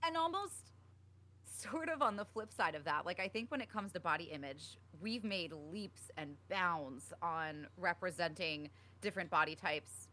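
A woman's voice: lowish voice, sharp tone. Chatty young woman podcast co-host. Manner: chatty, uses many fillers like "like" and "um". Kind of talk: casual chat.

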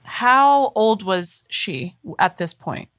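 A woman's voice: mid-range voice, lively intonation, slow, a bit bright, dry recording. Curious woman host, dry close sound. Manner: curious, attentive. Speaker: podcast host. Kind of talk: interview questions and brief responses.

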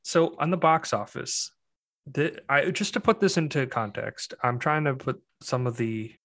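A young man in casual podcast chat, talking in loose, rambling runs. He restarts often and drops dry, exasperated asides. His pitch sits in the middle range. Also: animated, measured pace, a bit bright. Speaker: podcast co-host.

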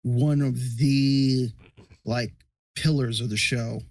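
A man's voice: medium pitch, fairly even intonation, takes it slowly, darkish tone, no echo. A young man co-hosting a casual podcast, laid-back and dropping dry one-liners. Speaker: podcast co-host. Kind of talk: casual chat.

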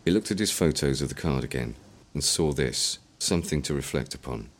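Very deep-voiced male audiobook narrator. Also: fairly quick. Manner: storytelling, expressive.

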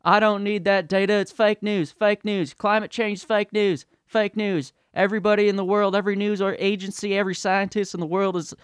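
A man mocking a shrill, whiny conservative blowhard. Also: little pitch movement, fairly quick, few pauses, clear, resonant tone, no room sound, clean studio sound, close to an everyday voice. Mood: stubborn, whiny. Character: mocking caricature of a loud, stubborn conservative man.

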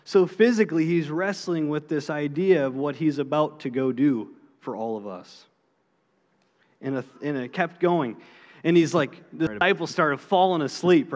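A man's voice: a little high, unhurried, big-room sound. A man preaching a sermon in a conversational way, often repeating words and acting out quotes. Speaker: pastor. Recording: guitar music underneath.

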